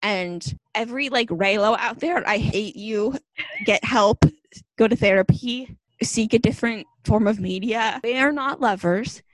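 Young woman, podcast co-host, heated casual rant, higher voice, dry close sound. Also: unhurried, no room sound, rough recording. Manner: fired-up, ranting, heavy use of "like".

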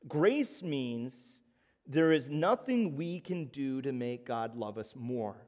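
A man preaching a sermon, swinging from loud emphatic lines to soft, slow appeals. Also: medium pitch, animated, big-room sound. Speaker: pastor.

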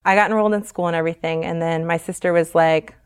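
Brief: young woman guest, slightly low, smooth yet gravelly, frank halting storyteller. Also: fairly even intonation. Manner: frank, halting, many fillers and "like". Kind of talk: personal storytelling in conversation.

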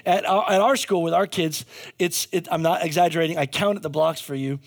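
A man's voice: fairly high pitch, a little fast, gravelly. A male pastor giving a conversational sermon, telling a story with jokey asides and frequent restarts.

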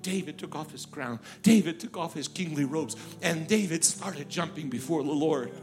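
Middle-aged preacher guy from ukraine, kinda high voice, telling a story, music going under him. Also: moderate pace. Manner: animated storytelling, acts out quoted voices. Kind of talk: sermon with personal story.

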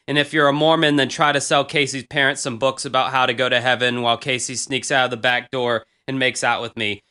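A man's voice: mid-range voice, sharp tone, smooth. A man in his thirties, casually chatting as a podcast host, rambling and crude with self-mocking humor. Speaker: podcast host reading old diary posts. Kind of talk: casual chat.

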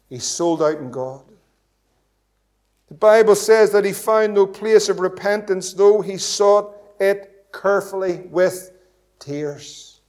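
A man preaching an impassioned evangelistic sermon, asking rhetorical questions and swinging between loud and hushed delivery. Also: sits high. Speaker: pastor.

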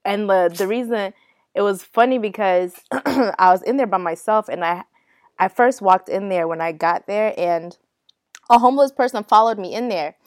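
Animated woman telling a funny story. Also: medium pitch, moderate pace, no echo, studio quality. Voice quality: laughs often while talking. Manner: animated storyteller, acts out quoted people. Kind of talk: casual chat.

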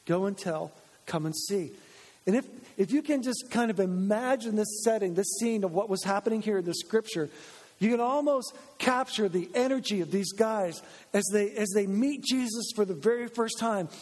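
A man delivers a lively sermon from the pulpit in a high-pitched voice. He leans on repetition and emphatic restatement. The sound trails off in a long church reverb. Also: moderate pace. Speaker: pastor. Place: church sanctuary.

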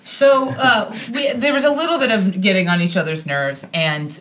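An American woman casually telling a personal story on a podcast, animated and self-deprecating, laughing often as she talks. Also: medium pitch, moderate pace. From United States.

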